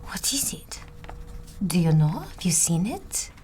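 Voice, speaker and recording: Unhurried woman player in a tabletop game. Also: on the low side, very animated, a little mellow, a little hiss or hum. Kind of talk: in-character tabletop role-play.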